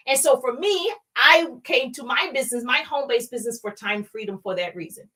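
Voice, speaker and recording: A woman's voice: sits high, bright, forceful tone, far from the mic. A middle-aged woman giving an emphatic motivational talk on a live stream, repeating her key lines and calling out to the chat. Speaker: motivational speaker, home-business coach.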